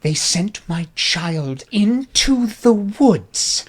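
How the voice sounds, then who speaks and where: A man's voice: on the high side, huge pitch swings, unhurried, full character voice. A man voicing an imperious, theatrical vampire elder who questions their childe in clipped, haughty tones, sometimes hissing. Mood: reproachful.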